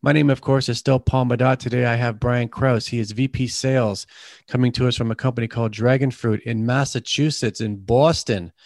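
A man's voice: mid-range voice, level tone, a little fast, darkish tone, no room sound, studio quality. A middle-aged man with a Canadian accent, hosting a podcast interview in an upbeat, chatty, friendly way. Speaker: podcast host. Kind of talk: casual interview chat.

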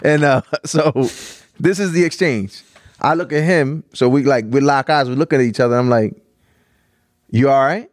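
A man's voice: medium pitch, moderate pace, no room sound, clean studio sound. A man, a podcast co-host telling stories in casual banter and laughing often. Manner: animated storyteller, laughs often.

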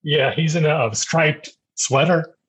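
A man's voice: fairly high pitch, fairly even intonation, slow, a bit bright, husky, low-quality recording. A man appearing as a guest on a casual movie podcast, speaking hesitantly with fillers. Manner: brief backchannels, hesitant with fillers.

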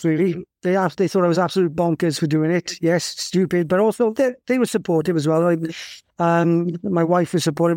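Halting Welsh man in his fifties. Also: fairly high pitch, darkish tone, no room sound, studio quality. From South Wales. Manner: rambling, halting with many restarts. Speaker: guest. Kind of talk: casual interview conversation.

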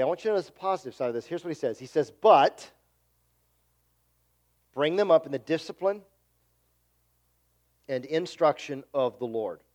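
A middle-aged man preaching a sermon as a pastor, earnest and conversational, often repeating himself. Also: high-pitched.

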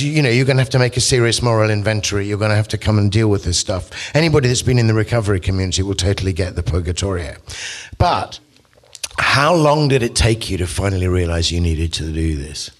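A man, a poet and musician, giving a casual, rambling talk full of asides. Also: medium pitch. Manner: chatty and rambling, with frequent asides and restarts. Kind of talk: casual lecture and poetry talk.

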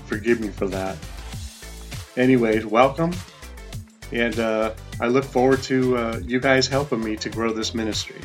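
A man hosting a casual podcast update, reading out a long list of listener towns, each one falling in pitch at the end, and stumbling over the foreign names. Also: steady tone, normal speed, faint music behind. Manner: pitch drops at the end of each place name. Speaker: podcast host.

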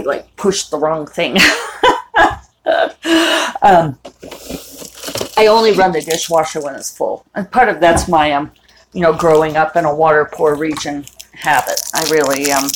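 Chatty self-amused woman, low voice. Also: slight background noise. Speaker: podcast host. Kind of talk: casual rambling monologue. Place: home kitchen, then outdoors.

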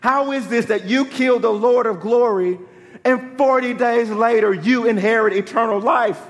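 A man's voice: very high voice, normal speed, long reverb tail. A male pastor preaching a sermon, building to urgent rhetorical questions.

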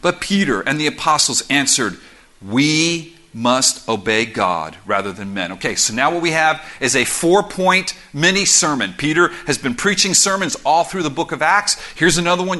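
A man preaching a sermon as pastor, explaining scripture verse by verse in an animated, conversational way with quick asides. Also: on the high side. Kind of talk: expository sermon.

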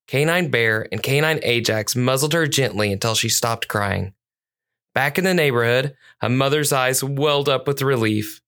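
A storyteller narrating a children's police story at a measured, clear pace. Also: mid-range voice, a bit bright.

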